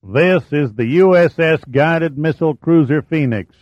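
A man voicing a cocky Texan cruiser captain with a rasping drawl. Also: fairly high pitch, a little slow, no room sound, pitched above the performer's own voice, lightly acted. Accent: Texas. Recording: dry, slightly dull recording.

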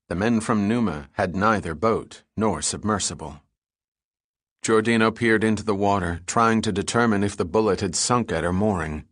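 A man reading an audiobook chapter in a steady, measured narration. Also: fairly low pitch, no echo, studio quality. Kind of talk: scripted narration.

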